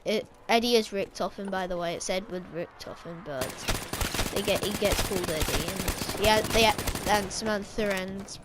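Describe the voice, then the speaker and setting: A woman's voice: mid-range voice, background noise. A woman talking casually about game lore, rambling and correcting herself as she speculates. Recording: game gunfire playing behind.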